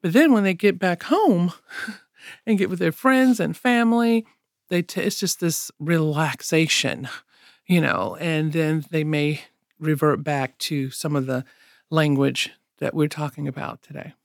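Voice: mid-range voice, measured pace, creaky, dry recording, clean studio sound. A radio co-host chatting with a guest, laughing easily and saying "you know" often. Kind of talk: radio conversation.

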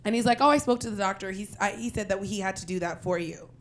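A young woman from Queens telling a personal story in an animated, profane way, breaking into loud shouted quotes. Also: medium pitch, quick pace. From Queens, New York.

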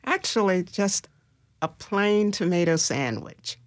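A woman guest explaining gardening in a radio studio interview, speaking slowly and haltingly with many filler pauses. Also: medium pitch, expressive, no echo.

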